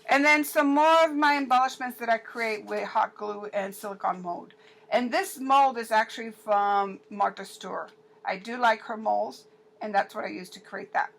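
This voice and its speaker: A woman walking viewers through her handmade gift album in a chatty, halting way, with many ums and restarts. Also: fairly high pitch, gravelly, fairly bright tone, poor audio. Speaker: paper crafter showing an album. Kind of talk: casual show-and-tell crafting video.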